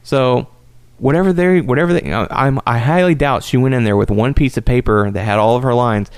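A man's voice: mid-range voice, a little fast, smooth, dry recording. A man co-hosting a casual podcast about wrestling, talking animatedly and with some swearing. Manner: animated, profane, acts out quotes. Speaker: podcast co-host.

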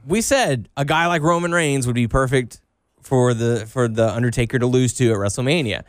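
Smooth-voiced man recapping wrestling. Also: medium pitch, normal speed, dry recording, studio quality. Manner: recaps matches with playful quoting, many ums. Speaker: wrestling podcast co-host. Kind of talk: casual chat.

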